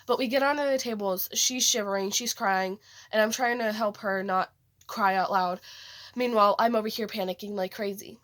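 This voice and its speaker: A woman's voice: mid-range voice, fairly even intonation, normal speed, a bit bright. A teenage girl casually telling a story about a dream, rambling, with many fillers and restarts. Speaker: vlogger.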